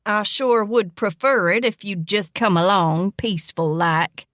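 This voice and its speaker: A woman voicing a slow, drawling male sheriff who speaks with reluctant politeness. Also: mid-range voice, fairly bright tone, no room sound, studio quality, natural voice.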